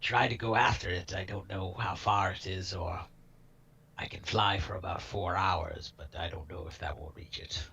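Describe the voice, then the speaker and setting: A man's voice: sits low, steady tone, moderate pace, gravelly, pushed and bright, slightly rough, lo-fi sound. A man playing a tabletop game, eager and stumbling a little as he describes his moves. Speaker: player. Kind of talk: casual tabletop play.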